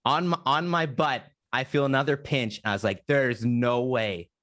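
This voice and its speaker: A man's voice: medium pitch, expressive, brisk, sharp tone, slight background noise. A young man hosting a podcast, telling a story in casual chat and acting out his own panicked reactions. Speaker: podcast host.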